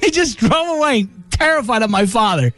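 A man's voice: very high voice, expressive, brisk, fairly bright tone, soft background music. A male radio host telling a casual story and acting out the voices of his family. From New Jersey.

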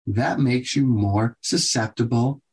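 A man with a slightly husky, breathy voice hosts a health advice talk show. He coaches listeners earnestly, repeating his points and rushing through some phrases. His pitch sits at an ordinary middle level. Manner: earnest, repetitive coaching tone with quick bursts. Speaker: radio show host and doctor.

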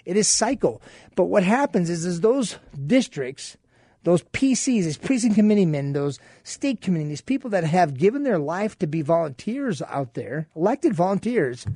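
A man's voice: high voice, very animated, normal speed, dark tone, no room sound, studio quality. A man guest-hosting a political talk radio show, telling stories and acting out quoted exchanges. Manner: storytelling, acts out quoted exchanges.

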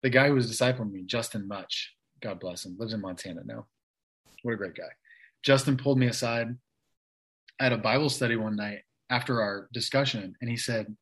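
A man's voice: medium pitch, moderate pace, fairly bright tone, poor audio. Chatty man telling a story. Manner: chatty, many restarts and "like" fillers. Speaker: interview guest. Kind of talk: casual storytelling.

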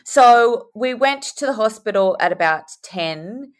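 A young woman, a podcast guest telling her story in a chatty, animated way over a video call. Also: fairly high pitch, unhurried. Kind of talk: casual chat.

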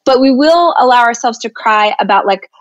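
A woman in her thirties, a guest speaker talking in an animated, expressive way during a casual interview. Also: a little high, normal speed, no echo, dull audio. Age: 30s. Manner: animated and expressive, laughs easily.

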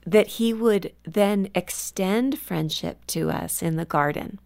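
An earnest woman speaks as an interview guest, telling stories and stretching out words when she wants to stress them. Her voice sits somewhat low for a woman. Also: gravelly, a little mellow. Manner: earnest, storytelling, slows down for emphasis. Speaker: guest author. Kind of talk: conversational radio interview.

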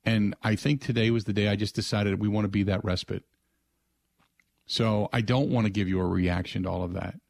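An older man hosts sports radio from a studio, chatting in a loose, rambling way and circling back to the call-in number. His voice sits a little low. The close microphone leaves the sound dry, with no room echo. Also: steady tone, a little fast, vocal fry, darkish tone. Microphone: close studio mic.

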